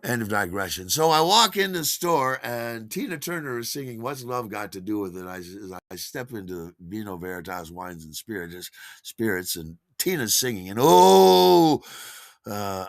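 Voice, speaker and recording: A man spinning a rambling personal yarn, wry and full of asides. His voice is bright and forceful, and it swoops up and down with lively intonation. The recording is close and dry. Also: on the low side, no room sound. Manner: wry, digressive, chatty. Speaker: storyteller. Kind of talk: spoken storytelling monologue.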